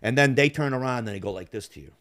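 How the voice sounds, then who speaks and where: Profane male podcast host who tells animated bar stories in a casual chat. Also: medium pitch, quick pace, a crowd in the background. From Yugoslav family roots. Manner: profane, animated storyteller acting out bar scenes.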